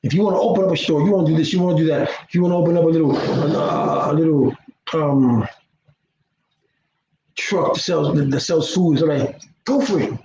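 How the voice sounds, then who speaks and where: A man's voice: on the high side, moderate pace, darkish tone. Rambling man vlogging in a roomy space. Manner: rambling, repeats words, earnest and preachy. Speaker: YouTuber. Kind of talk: casual monologue vlog. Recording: roomy, dull lo-fi sound with faint noise.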